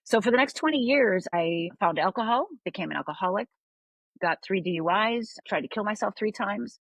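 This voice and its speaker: A woman's voice: medium pitch, animated, normal speed, dry recording, rough recording. An older woman from Upper Michigan, a podcast guest telling a personal story candidly and often asking "right?". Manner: candid, confiding, checks in with tag questions.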